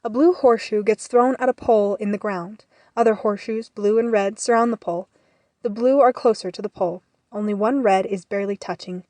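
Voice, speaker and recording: A woman's voice: medium pitch, steady tone, darkish tone, dry recording. Woman narrating scene directions, dry sound. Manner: measured, matter-of-fact. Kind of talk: reading scene directions in an audio drama.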